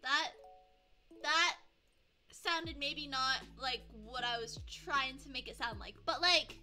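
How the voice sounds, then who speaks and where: A woman's voice: high voice, takes it slowly, bright, forceful tone. A young adult woman streaming live from home, chatting casually and greeting viewers with pet names like sweetie and darling. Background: faint background music.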